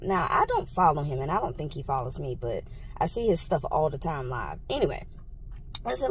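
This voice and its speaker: A woman vlogger telling a casual story into a handheld phone, animated and exclaiming, laughing often. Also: sits low, fast, a little hiss or hum. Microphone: phone held in hand.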